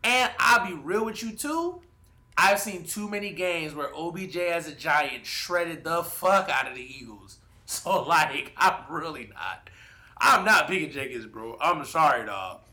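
Bright high-voiced man arguing football. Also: unhurried. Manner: animated, profane, hedging with "like". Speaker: podcast co-host. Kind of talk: casual sports debate.

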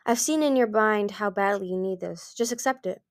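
A woman reading the part of an ancient male dragon who speaks gently and politely, with a quiet menace, in an amateur storybook reading. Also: medium pitch, normal speed, no room sound, studio quality, close to an everyday voice. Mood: calm.

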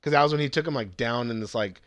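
A young man with a medium-pitched voice recaps an anime episode with his podcast co-host in casual chat, talking quickly. He's excitable and swears a lot, acting out scenes with voices, and the recording has no echo.

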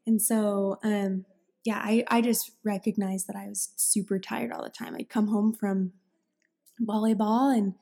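A woman's voice: medium pitch, little pitch movement, measured pace, creaky, warm tone. A young adult woman co-hosting a casual podcast, telling a candid personal story. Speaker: podcast co-host.

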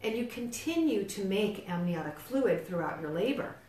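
A woman's voice: mid-range voice, expressive, moderate pace, darkish tone, slight background noise. New York-accented woman teaching, roomy distant sound. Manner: explanatory, checks in with "right?" often. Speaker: midwife or birth educator. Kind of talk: instructional demonstration. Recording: roomy, distant mic, faint ambience.

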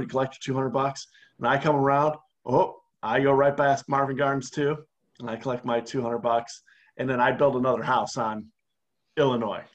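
A man talking at a middle pitch, walking a listener through a scenario point by point. His delivery is casual and animated, with asides and quick turns back to the point. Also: muffled recording. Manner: animated storyteller, walks through a game scenario step by step. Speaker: podcast co-host. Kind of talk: casual conversational explaining.

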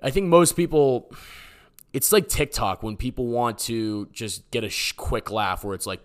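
A man from the Boston area, USA, hosts a podcast in a medium-pitched, clean voice at normal speed. He handles voicemails with sarcastic humor, rambling and using fillers.

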